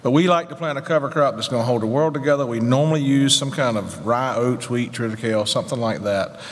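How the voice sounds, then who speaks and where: A man speaking as a guest farmer on a conference panel, explaining things in a plainspoken, brisk way. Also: medium pitch. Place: conference session hall. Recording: long hall reverb.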